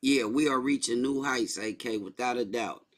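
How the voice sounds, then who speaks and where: A man's voice: medium pitch, moderate pace. A man hosting a casual livestream, talking loosely and repeating his points. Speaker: livestream host.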